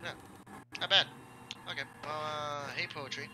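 Man, high lively voice, swearing, joking horror-game commentary, noisy recording. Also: a little slow. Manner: profane, swearing often; jokey, reacting aloud to a horror game. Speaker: gaming YouTuber. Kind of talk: casual Let's Play commentary.

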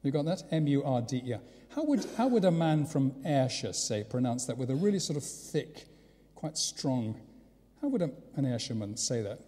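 A man's voice: mid-range voice, big pitch swings, normal speed, warm tone, a little hiss or hum. English male preacher, chatty sermon delivery, wry asides, long church reverb. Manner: conversational with rhetorical questions and wry asides. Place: large church.

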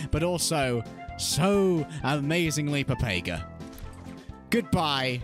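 A man's voice: a little high, big pitch swings, moderate pace. A man giving comedic, sarcastic voice-over commentary on an esports match, swearing and laughing as he goes. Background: background music.

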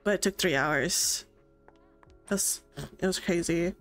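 A woman's voice: on the low side, a little slow. A young woman live-streaming a life-sim game, chatting casually, reading chat aloud, gasping and laughing often. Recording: game music faint behind.

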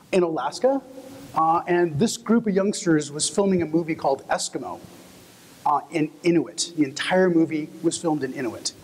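A man's voice: a little high, darkish tone, breathy edge. A man from Texas giving a conference presentation, friendly and personal, telling stories with fillers. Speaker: conference speaker. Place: conference hall. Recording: echoey hall, long reverb.

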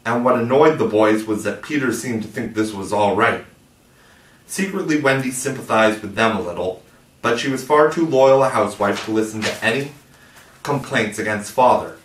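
A man narrating a classic storybook in a measured, expressive reading. The recording is roomy. He sits away from the mic. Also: on the low side, distant mic, slight background noise. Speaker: audiobook narrator.

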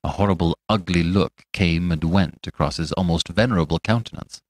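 Low-voiced man narrating a classic tale. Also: a little fast, hardly any pauses, dry recording, studio quality. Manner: expressive storytelling. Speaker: podcast host and audiobook narrator.

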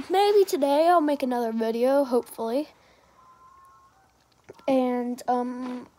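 A young woman chatting over her gameplay in a loose, rambling way, often stopping to remind viewers to like and subscribe. Her voice sits a little high. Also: dark tone. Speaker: gaming channel creator. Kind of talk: casual gameplay commentary.

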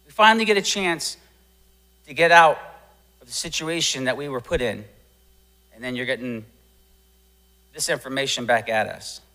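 A man, a band booster parent, giving a frustrated and forceful public comment at a school board meeting. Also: mid-range voice, normal speed, pauses often, low-quality recording.

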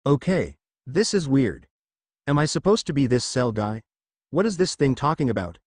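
Man playing young male ninja in an audiobook, brash, expressive, lively, dry close sound. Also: mid-range voice, normal speed, no room sound. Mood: bewildered.

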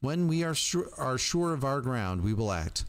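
A man's voice: medium pitch, sing-song, normal speed, pitched above the performer's own voice. A man doing a sweetly reproving old dean. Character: sweet silver-haired older woman dean, tart underneath.

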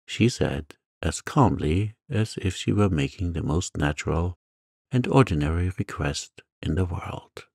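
Soft-spoken deep gravelly man reading a bedtime story. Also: animated, unhurried, no room sound, studio quality. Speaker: narrator.

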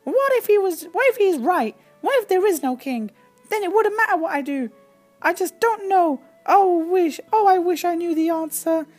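A fretful male elder frets aloud in a squeaky, wavering voice, as a woman puts him on. He sounds torn and anxious, like a character in a block-building game. Faint music plays underneath. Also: lively intonation, moderate pace, a little mellow. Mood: anguished.

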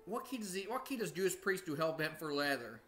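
A man's voice: a little high, expressive, brisk, loud music behind the voice. A man teaching casually on a livestream, rambling and often breaking into sung demonstrations. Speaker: music teacher hosting a livestream.

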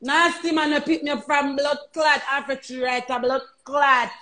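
A Jamaican woman live streaming, ranting loudly and mockingly with heavy cursing. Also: high-pitched, steady tone, normal speed, poor audio.

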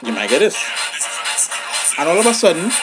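A young man giving comic advice in an animated, exasperated vlog monologue. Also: a little fast, over music. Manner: animated, exasperated, rising to high outbursts. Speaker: vlogger.

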